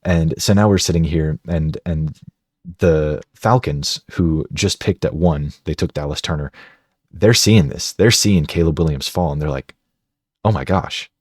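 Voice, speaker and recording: A man's voice: rumbling low, unhurried, darkish tone, dry recording, clean studio sound. A man hosting a casual football draft analysis video, talking in a chatty, conversational way and thinking aloud. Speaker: sports video host.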